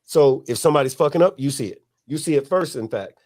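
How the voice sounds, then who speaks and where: A man's voice: medium pitch, animated, fast talker, darkish tone. A man hosting a casual podcast chat, a motorcycle club member telling loose, profane stories about riding in a pack.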